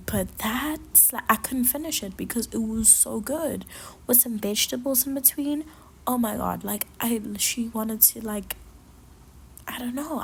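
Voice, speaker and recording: A young woman hosting a casual solo podcast, talking in a rambling, gushing way with lots of fillers and a soft, half-whispered delivery. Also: medium pitch, a little hiss or hum. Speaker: podcast host.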